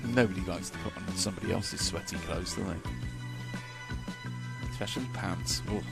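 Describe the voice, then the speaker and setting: A man's voice: low voice, moderate pace, gravelly, over loud music. A man giving live commentary at a model car race, chatty and joking, laughing often.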